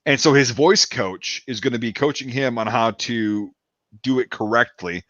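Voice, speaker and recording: A man's voice: medium pitch, normal speed, fairly bright tone, no echo, lo-fi sound. A man with a Midwestern American accent in a casual livestream chat, repeating words as he builds each point.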